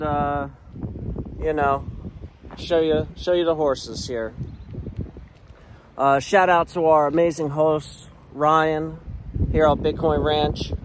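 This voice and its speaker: A man from Philadelphia, a show's co-founder and producer, giving a relaxed, chatty update outdoors on a ranch beside horses. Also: a little high. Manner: relaxed, chatty, talks to horses between remarks. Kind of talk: casual outdoor video update. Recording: loud outdoor wind noise on mic.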